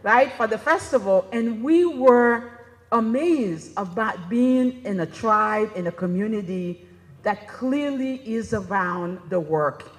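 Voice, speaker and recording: In a reverberant hall, a woman presents at a conference slowly, her mid-range voice full of lively intonation. She keeps the talk conversational and often asks the audience "right?"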